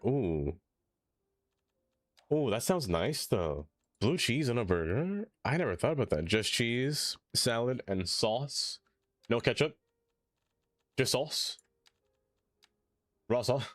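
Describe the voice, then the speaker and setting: A man's voice: medium pitch, dry recording, studio quality. A man live-streaming a city-building game, chatting casually and reading chat aloud, ranting animatedly and laughing often.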